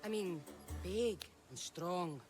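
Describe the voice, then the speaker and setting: A young female warrior with a mocking, playful edge and a lively voice that swings up and down while she drawls each word out slowly. Game music plays clearly behind her. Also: on the low side. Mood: teasing.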